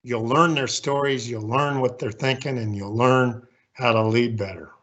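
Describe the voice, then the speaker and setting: A man's voice: medium pitch, steady tone, normal speed, fairly bright tone, dull audio. A man in his sixties giving a candid, folksy, self-deprecating leadership talk with slides as a guest speaker.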